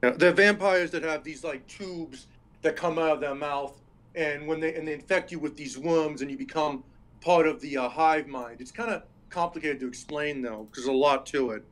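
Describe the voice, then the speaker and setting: A man's voice: fairly high pitch, moderate pace, fairly bright tone. A man joining a casual panel discussion over voice chat, talking in an eager, loose way. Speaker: panel guest.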